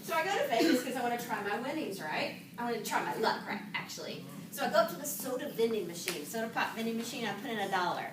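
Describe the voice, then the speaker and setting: A woman with a high, animated voice gives a humorous Toastmasters speech to a live club audience in a meeting room, talking fast with few pauses. She tells her story with lots of laughter. The recording is echoey and distant, with audible room noise.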